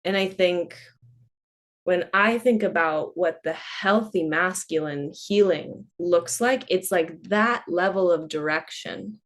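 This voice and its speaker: Unhurried, earnest woman podcast guest. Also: fairly low pitch. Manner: unhurried and earnest, with frequent "like" fillers. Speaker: podcast guest, holistic coach. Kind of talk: reflective podcast conversation.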